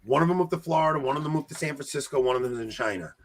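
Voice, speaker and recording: A young man, a podcast co-host, talking loudly and animatedly in a rambling casual chat. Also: on the high side, rapid-fire. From New York area. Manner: animated, loud, rambling storyteller.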